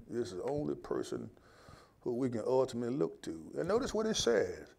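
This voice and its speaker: A man preaching a sermon as pastor, slow and emphatic, swinging from loud to quiet. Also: medium pitch, big pitch swings, creaky.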